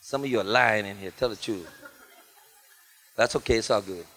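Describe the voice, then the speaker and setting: A middle-aged male pastor, preaching a lively sermon with humor, chanted repetition and sudden shifts between loud high bursts and soft low asides. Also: normal speed. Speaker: guest pastor. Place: church.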